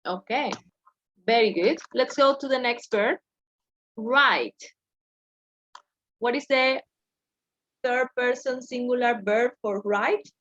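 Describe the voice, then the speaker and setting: Woman teacher on a video call, patient, corrects students step by step, slow talk, muffled audio. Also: on the high side, fairly bright tone. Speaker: English teacher. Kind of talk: online class teaching.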